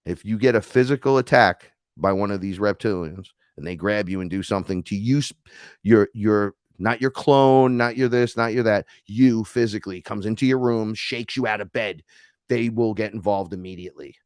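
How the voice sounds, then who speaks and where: Low-voiced man telling wild stories. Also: normal speed, clear, resonant tone, no echo, studio quality. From New York. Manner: animated, profane, acts out quoted dialogue. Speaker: podcast guest. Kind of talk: casual storytelling conversation.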